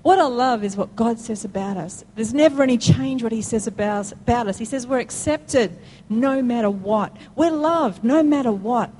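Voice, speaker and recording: A woman delivering a sermon in a high, bright-pitched voice, pressing her points with emphatic repetition. She climbs into excited peaks as she calls out questions and answers. A faint ambient noise sits under the recording. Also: normal speed, low-quality recording. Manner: emphatic, rising to high call-and-response peaks. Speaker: preacher.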